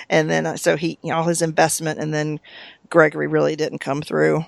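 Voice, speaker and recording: Gravelly-voiced podcast co-host. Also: mid-range voice, monotone, normal speed, no room sound. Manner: easygoing, asks numbered questions, chuckles often. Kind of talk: casual discussion of a TV episode.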